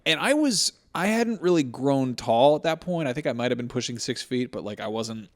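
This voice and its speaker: A man's voice: medium pitch, normal speed. A man in his thirties, co-hosting a podcast, telling a story in casual chat with lots of swearing. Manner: profane, animated storyteller. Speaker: podcast co-host.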